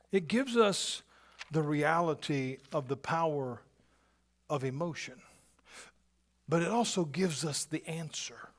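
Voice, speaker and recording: Pastor preaching in hushed and booming swings. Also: male voice. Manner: swings from hushed, near-whispered lines to loud, emphatic bursts; conversational preaching with frequent "right?" and "okay?". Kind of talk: sermon.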